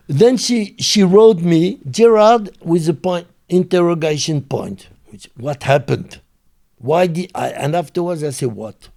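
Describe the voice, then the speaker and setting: Interview guest: man with a French accent, husky and gravelly, with a dark tone, halting broken English. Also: mid-range voice. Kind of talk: casual storytelling.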